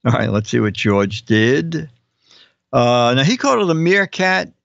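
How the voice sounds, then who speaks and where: A man's voice: mid-range voice, sing-song, measured pace, creaky, fairly bright tone, no room sound, muffled recording. An older man hosting a casual live show, reading viewers' joke captions aloud and chuckling between them. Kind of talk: casual comedic live-stream chat.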